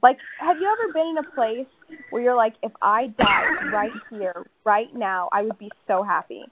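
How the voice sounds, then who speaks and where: A woman's voice: on the high side, moderate pace, heavy background noise. A woman interviewing a guest in a casual chat, asking curious, playful questions. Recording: dry phone-like audio.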